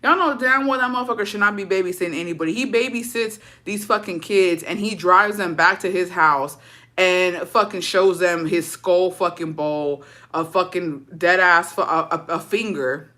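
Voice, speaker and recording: A woman's voice: fairly low pitch, moderate pace, sharp tone. A woman streamer in casual chat with viewers, telling a story in slang full of swearing and laughter, dropping in words.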